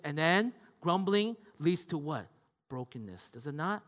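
High-voiced preacher in a big echoing hall. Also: male voice, big pitch swings, a little slow. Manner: emphatic, swings from loud to hushed, many rhetorical questions. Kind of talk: sermon. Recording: long hall reverb.

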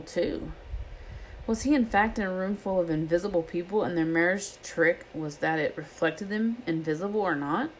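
Lady reading a novel out loud, fairly low voice, expressive storytelling, faint hiss behind. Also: rough recording. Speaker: reader.

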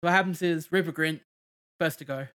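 A man's voice: on the high side, normal speed, fairly bright tone, clean tone. Rambling man recapping a movie. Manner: rambling, many fillers and restarts. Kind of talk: casual movie review chat.

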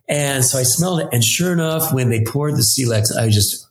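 A man's voice: medium pitch, expressive, brisk, few pauses. An older man telling long, rambling stories in a friendly, chatty way, quoting other people's words as he goes. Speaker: winemaker. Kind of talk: anecdotal storytelling. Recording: roomy room with faint background noise.

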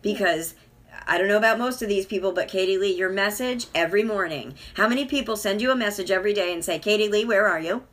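A woman hosting a podcast in casual chat, encouraging and emphatic, slowing down to stress her points. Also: medium pitch, a bit bright. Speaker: podcast host.

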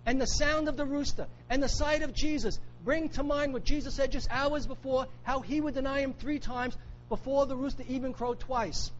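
Guy preaching a sermon, really high voice, repeats stuff for emphasis, kinda dull lo-fi recording w faint hiss. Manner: emphatic, repeats key phrases for weight. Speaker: pastor.

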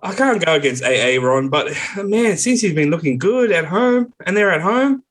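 A man co-hosting a casual sports podcast, thinking his picks through out loud. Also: high voice, lively intonation, moderate pace. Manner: chatty, reasons out loud. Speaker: podcast co-host. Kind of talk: casual chat.

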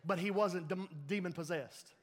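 A man preaching a sermon as a pastor, telling his story in a lively way, acting out voices and laughing along. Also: high voice, moderate pace. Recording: long reverb of a large hall.

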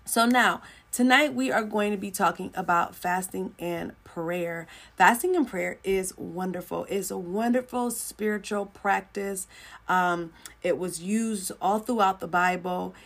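A woman's voice: medium pitch, measured pace. A woman hosting a livestream and teaching about faith in a casual, conversational way, repeating phrases for emphasis. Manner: acts out little dialogues in shifting voices.

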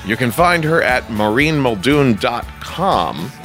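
A male podcast host reading an ad and introducing the next storyteller, measured and expressive. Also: mid-range voice, faint music behind. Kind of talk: scripted ad read and introduction.

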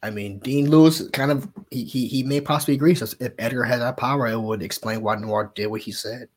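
A man's voice: medium pitch, fairly quick. A man co-hosting a casual aftershow podcast, ranting profanely and acting out quotes. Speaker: aftershow co-host.

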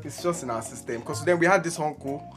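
A man's voice: fairly high pitch, quick pace, over music. A man from Nigeria hosting a podcast, joking and swearing freely in casual banter. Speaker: podcast host. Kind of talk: casual chat.

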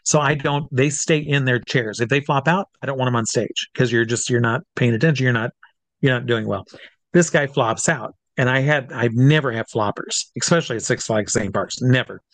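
Brief: middle-aged male showman recounting a story with lively acted asides, mid-range voice, dry recording. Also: mid-range voice, normal speed, no room sound. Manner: animated, acts out voices in his stories. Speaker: comedy stage hypnotist. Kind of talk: storytelling in an interview.

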